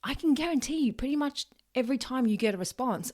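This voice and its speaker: A woman's voice: sits high, lively intonation, fast talker, darkish tone. A woman with an Australian accent hosting a solo podcast, talking earnestly and directly, with the odd swear word. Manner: earnest, direct, casually swears, acts out everyday phrases. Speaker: podcast host.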